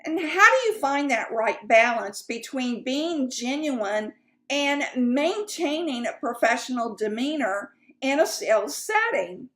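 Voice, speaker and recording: A woman's voice: high-pitched, big pitch swings, measured pace, a bit bright. A woman sales coach teaching in a chatty, candid way, with fillers and asides. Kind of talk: casual teaching talk.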